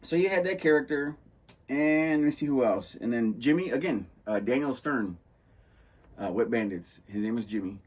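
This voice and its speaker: A man's voice: mid-range voice, animated, normal speed, darkish tone. A man hosting a podcast, chatting casually and rambling through movie stories, acting out lines in a loose, laid-back way. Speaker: podcast host. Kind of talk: casual chat about movies.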